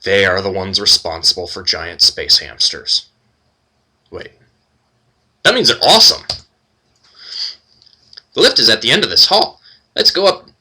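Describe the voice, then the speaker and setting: A man's voice: on the low side, sharp tone, a little hiss or hum. A man hosting a let's play, reading the game's text aloud and adding wry, playful asides. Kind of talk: game narration and commentary.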